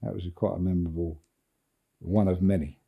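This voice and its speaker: Older man telling a rambling anecdote, deep. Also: steady tone, brisk, gravelly, slightly rough, phone-quality sound. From England. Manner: rambling, repeats words, chuckles through his story. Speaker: football agent, guest. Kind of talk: anecdotal storytelling in a podcast interview.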